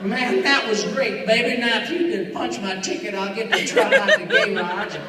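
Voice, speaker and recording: A man doing a creaky, drawling old country codger. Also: very high-pitched, very animated, very noisy, pitched above the performer's own voice. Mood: cheeky. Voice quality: cracking, breaking country voice. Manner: slow cracked drawl delivering bawdy one-liners. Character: drawling elderly male country sidekick, gravelly old vaudevillian. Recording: echoey hall from far off.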